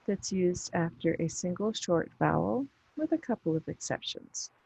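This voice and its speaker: Woman phonics tutor, low husky voice, slow deliberate delivery. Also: expressive, a little mellow, no room sound, rough recording. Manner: pronounces isolated sounds deliberately, explains briefly. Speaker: phonics teacher. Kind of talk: slow instructional phonics drill.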